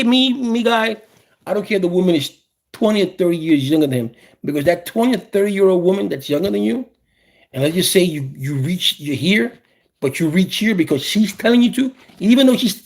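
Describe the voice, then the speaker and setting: A man in casual conversation, speaking his mind with animated conviction. His voice sits a little high, gravelly and husky, and he often repeats himself as he works his way through a point. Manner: animated, repeats and restarts phrases. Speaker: podcast host. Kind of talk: casual opinionated chat.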